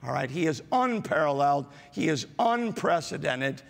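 Male pastor, gravelly, slow, halting sermon delivery, echo of a large church hall. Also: a little high, big pitch swings. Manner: slow, halting delivery with many fillers, rising to emphatic repetitions. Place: church auditorium. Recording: large hall with long reverb.

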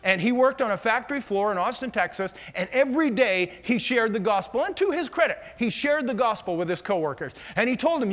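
A man's voice: extremely high pitch, animated, a little fast, hardly any pauses, fairly bright tone. A middle-aged man preaching a sermon, telling humorous stories and laughing at his own jokes. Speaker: pastor. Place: large church hall. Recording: reverberant church hall.

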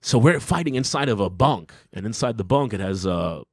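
A young adult man, a comedian co-hosting a podcast, telling a story casually, swearing a lot and jumping into loud impressions of the people in it. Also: lowish voice, lively intonation, brisk, husky, no room sound, clean studio sound. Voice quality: profane, wisecracking delivery. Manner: acts out quoted lines in a jumped-up loud voice.

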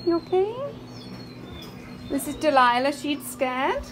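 A woman walks along the kennels, presenting each rescue dog and sliding into soft baby talk with them. Her voice sits high and swoops up and down. The phone recording is noisy, with dogs barking close by. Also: big pitch swings, a little slow, pauses often. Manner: coos and baby-talks to the dogs. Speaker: dog rescue worker introducing new dogs. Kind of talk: casual walkaround video.

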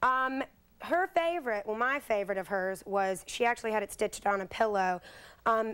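A woman in her thirties from North Carolina with a light Southern accent, chatting as an interview guest and telling lively stories with quoted voices. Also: medium pitch, moderate pace, clear, resonant tone. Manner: lively storyteller, laughs often, slips into quoted voices. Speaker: guest actress. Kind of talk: casual interview chat.

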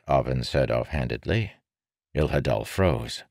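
A man reading a novel aloud with a very deep voice at an unhurried pace. His storytelling is measured and even. The sound is dry and close, with no room around it. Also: vocal fry, dry recording. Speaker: audiobook narrator. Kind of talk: scripted narration.

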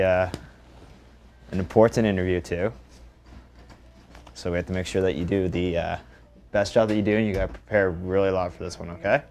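A man's voice: low voice, darkish tone. A man, a producer, teasing a colleague in casual chat, hesitant with many fillers.

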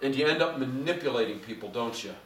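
A middle-aged man preaching a sermon as pastor, conversational and animated, getting louder as he drives his points home. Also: mid-range voice, fast, slight background noise. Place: church sanctuary. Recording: echoey church from a distance.

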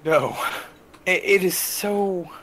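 Animated young man telling a story. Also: sits high, slow. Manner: animated storytelling, exasperated asides. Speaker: podcast co-host. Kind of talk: casual podcast chat.

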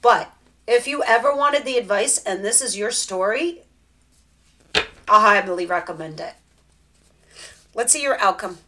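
A woman's voice: medium pitch, lively intonation, a little slow, long pauses, pushed and bright. A woman giving a casual tarot reading straight to the viewer, chatty and direct. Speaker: tarot reader.

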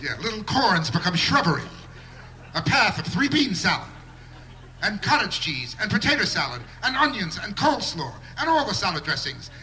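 Male stand-up comedian, live set, wry mock outrage, bright sharp tone, faint club hiss. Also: high voice, sing-song, moderate pace.

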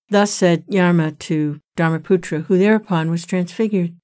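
A woman narrating a retelling of an ancient epic in a measured, solemn reading. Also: on the low side, steady tone, darkish tone. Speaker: storyteller. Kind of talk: scripted narration of a sacred epic.

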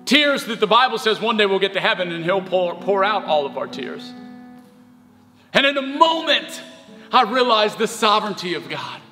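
A man's voice: high voice, sing-song, moderate pace. A young man preaching a sermon as pastor, telling a personal story in an earnest, heartfelt way. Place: church sanctuary. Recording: reverberant church hall with soft music.

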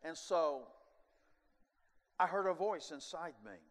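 An older man preaching a sermon, telling a personal testimony as an animated storyteller who swings from hushed to loud with chuckling asides. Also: on the high side, slow pace. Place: large church sanctuary. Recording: long reverb of a large sanctuary.

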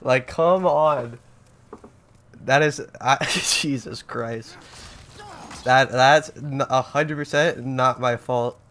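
A man giving casual let's-play commentary, excitable and profane, trash-talking the game as he plays. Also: medium pitch, slow pace, long pauses, slight background noise. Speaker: gaming YouTuber.

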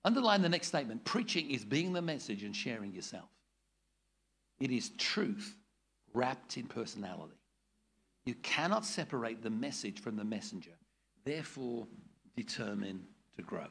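A man's voice: mid-range voice, big pitch swings, moderate pace, gravelly, fairly bright tone, breathy edge. An older man running a preaching workshop, blunt and jokey, acting out different tones of voice as he teaches. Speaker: preaching trainer.

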